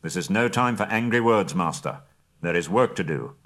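A steadfast bowman hero who speaks with quiet, solemn resolve, as a male narrator voices him. His voice sits low and firm, carrying the weight of a storybook hero. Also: animated, normal speed. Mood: resolute.

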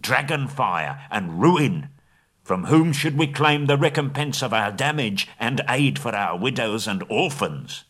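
A man voicing a pompous, self-serving old town master in a storybook reading, speaking in a low, oratorical, defensive way. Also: lively intonation, a little slow, fairly bright tone, husky. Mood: indignant.

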